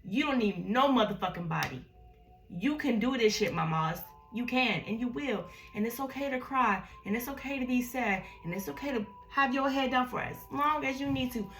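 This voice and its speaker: A woman's voice: a little high, moderate pace, few pauses, fairly bright tone, soft background music. A woman guest, the host's sister, talking bluntly and emphatically with lots of profanity in a casual livestream chat, a little tipsy.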